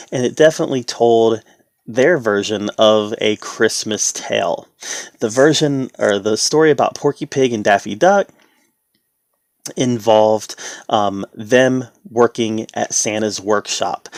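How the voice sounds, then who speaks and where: A man giving a casual spoken review, relaxed and conversational, with the odd sarcastic aside. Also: fairly low pitch, dry recording.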